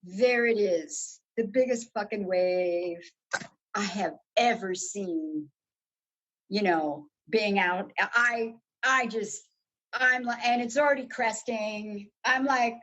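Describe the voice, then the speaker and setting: A woman guest telling a story in casual, animated talk, swearing freely and jumping up in pitch when excited. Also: slow, dull audio. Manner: animated, profane, swoops high when excited.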